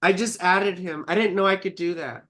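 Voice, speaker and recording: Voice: medium pitch, steady tone, moderate pace, a bit bright. An astrologer co-hosting a live stream, talking in a casual, teasing way, swearing freely and calling people sweetheart. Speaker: astrologer co-host.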